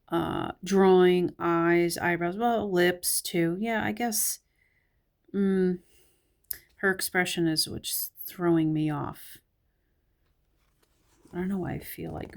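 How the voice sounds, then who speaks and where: Slow, low-voiced woman musing aloud. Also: creaky. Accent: Southern US. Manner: relaxed, musing, thinking aloud. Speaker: magazine reviewer. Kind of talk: casual commentary.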